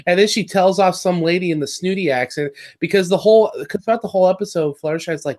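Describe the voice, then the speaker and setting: A man's voice: a little high, fast. Chatty man rambling through a cartoon recap. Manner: rambling, self-correcting, jokey. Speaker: podcast co-host. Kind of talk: casual review chat.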